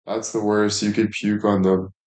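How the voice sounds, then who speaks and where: A man's voice: on the low side, little pitch movement, normal speed, a little mellow, echoey room. Rambling, foul-mouthed young man streaming. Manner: rambling, profane, laid-back. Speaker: livestreamer. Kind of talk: casual livestream chat.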